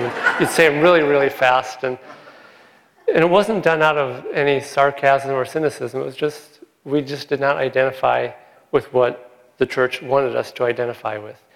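A man giving an informal spiritual talk in a large hall, gentle and often chuckling as he tells stories. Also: medium pitch.

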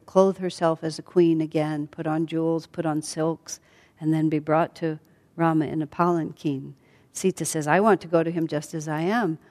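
A woman teacher retelling a story in a calm, reflective way with soft fillers. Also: on the low side. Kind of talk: storytelling lesson. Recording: long hall reverb.

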